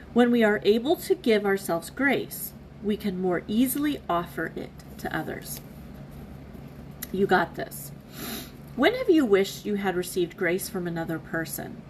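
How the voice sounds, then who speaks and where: A woman reflects on a devotional reading in a candid, heartfelt way. Her speech is halting and earnest, and her voice sits at a middling pitch. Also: a little hiss or hum, low-quality recording. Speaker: devotional vlogger.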